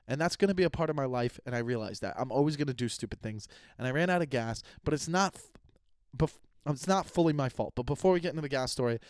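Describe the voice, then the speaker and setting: A man's voice: mid-range voice, clear, resonant tone, no room sound, studio quality. Rambling, self-mocking young man riffing solo. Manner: rambling, self-deprecating, with frequent cursing and acted-out quotes. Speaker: podcast host and comedian. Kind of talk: casual solo podcast monologue.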